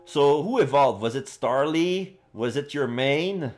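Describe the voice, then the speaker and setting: Slow-talking male streamer, halting. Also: a little high, faint music behind. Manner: halting, many fillers, excitable. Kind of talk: casual live-stream chat.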